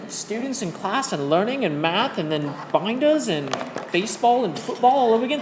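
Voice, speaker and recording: A teacher telling a classroom story in a deliberately bad put-on British accent that drifts toward Australian, with an exaggerated, sing-song, self-mocking delivery. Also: medium pitch, voice pushed up, natural voice. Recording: echoey classroom, faint background noise.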